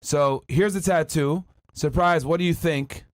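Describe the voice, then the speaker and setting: A crude, mocking man hosting a casual podcast, his voice sitting a little high. He reads text messages aloud and riffs on them with heavy swearing. The sound is close and dry, with no room echo. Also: measured pace. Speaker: podcast host.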